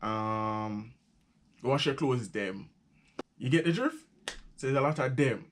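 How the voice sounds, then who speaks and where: A man's voice: mid-range voice, expressive, slow pace, long pauses, a little hiss or hum. A young Jamaican man with a Jamaican accent, chatting casually as he explains local sayings, laughing often and repeating phrases. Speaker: vlogger teaching patois.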